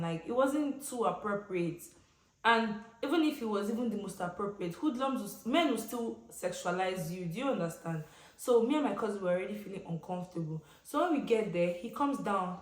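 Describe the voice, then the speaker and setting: A young Nigerian woman vlogger telling a casual storytime, chatty and expressive, with slang and pidgin asides. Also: medium pitch. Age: young adult. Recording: roomy echoey room.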